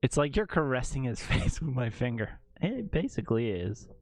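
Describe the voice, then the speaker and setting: A man's voice: medium pitch, sing-song, normal speed, darkish tone, dry recording, clean studio sound. A man streaming, chatting casually while editing photos, joking and laughing often.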